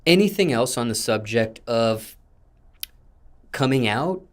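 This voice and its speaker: A man interviewing a guest, asking long, winding questions in a measured way. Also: medium pitch, animated.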